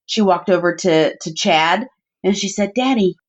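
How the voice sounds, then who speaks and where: A woman with a fairly low voice shares family stories as a podcast guest, heartfelt and chatty, her sentences full of "like" and "you know". The audio is dull and muffled. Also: steady tone, unhurried. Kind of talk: personal storytelling in conversation.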